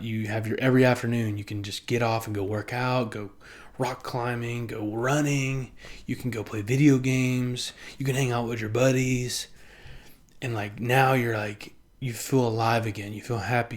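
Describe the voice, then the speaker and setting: A young man talks casually to camera in a rambling, profane, self-mocking way, laughing often and briefly acting out other people in quick put-on voices. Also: mid-range voice, steady tone. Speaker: vlogger.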